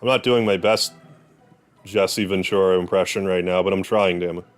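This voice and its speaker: Low-voiced man joking through a game stream. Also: steady tone, normal speed. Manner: joking, self-deprecating asides. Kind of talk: casual gameplay commentary.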